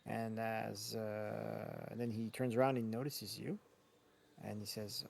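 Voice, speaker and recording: A man's voice: lowish voice, moderate pace, gravelly, slight background noise. A man narrating a tabletop game as game master, in meandering sentences full of fillers.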